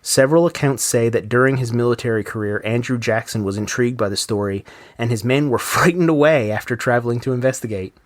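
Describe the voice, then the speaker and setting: A man's voice: mid-range voice, fast, dry recording. Man reading a ghost story, dry sound. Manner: reads the story aloud, then comments with casual swearing. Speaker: podcast host telling a ghost story. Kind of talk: casual podcast storytelling.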